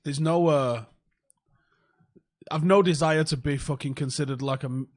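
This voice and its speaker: A man's voice: on the high side, moderate pace. A man, co-hosting a football fan watchalong with blunt, sweary, dry humour. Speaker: co-host of a football fan stream. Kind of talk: casual chat, reading viewer comments.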